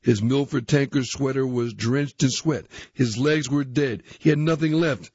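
A man reading a youth magazine aloud, articles and a story, in a plain, steady manner. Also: mid-range voice, a little slow, husky, no echo. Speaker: reader. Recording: dull, dry recording.

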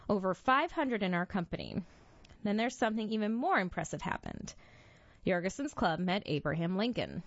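A woman's voice: dry recording, dull audio. A woman narrating a scripted history story with dramatic storytelling. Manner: dramatic storytelling with lively pitch.

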